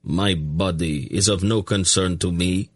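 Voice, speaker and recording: A man's voice: deep voice, unhurried, slightly rough, dry recording, studio quality. A man voicing a sneering, defiant bound prisoner in an audiobook. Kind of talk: audiobook character voice.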